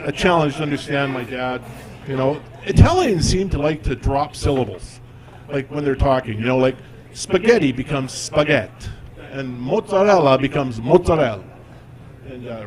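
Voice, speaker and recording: With a faint crowd audible, a man in his forties performs stand-up in a comedy club, self-deprecating and conversational. He speaks at a normal pace in a mid-range voice with lively intonation.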